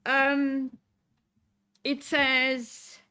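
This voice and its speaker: A woman's voice: sits high, completely flat delivery, very slow, bright, forceful tone. A woman teaching a Torah lesson to a congregation. She reads verses aloud, explains Hebrew words and keeps checking in with "Okay?". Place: synagogue classroom.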